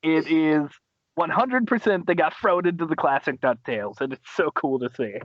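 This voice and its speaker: A man's voice: on the high side, expressive, moderate pace, no room sound, highs cut off. A man hosting a casual podcast, recapping episodes with enthusiastic, rambling talk. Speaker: podcast host. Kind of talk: casual chat.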